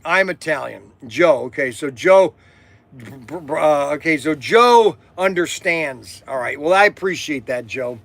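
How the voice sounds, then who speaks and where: Loud, slow-talking middle-aged man. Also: fairly high pitch, animated. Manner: loud, repetitive, peppers talk with "okay". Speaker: toy shop owner hosting a livestream. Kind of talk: casual livestream chat.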